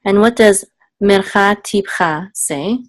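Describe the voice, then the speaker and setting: A woman gives a relaxed one-on-one lesson, patiently breaking things into small steps and asking "okay?" as she goes. Her voice sits in an ordinary middle pitch. The room sounds dry and close, with little echo. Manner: patient, explains step by step, often checks with "okay?"; sings syllables higher and slower as examples. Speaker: Hebrew cantillation teacher. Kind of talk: casual one-on-one tutoring.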